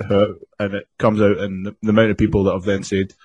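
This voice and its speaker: A man's voice: lowish voice, monotone, quick pace, a little mellow. A man co-hosting a podcast, explaining things in plain casual chat. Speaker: podcast co-host.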